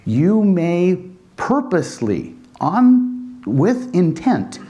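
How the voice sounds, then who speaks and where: A man giving a conference presentation as a Wi-Fi design instructor, animated and acting out exchanges with customers. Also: high-pitched, drawn-out words, lo-fi sound. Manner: animated, acts out dialogues with customers.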